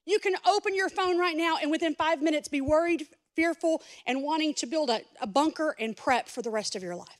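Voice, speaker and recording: A woman pastor preaching a sermon, swinging between loud urgent passages and soft hushed speech, with direct asides to the congregation. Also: high voice, brisk, hardly any pauses.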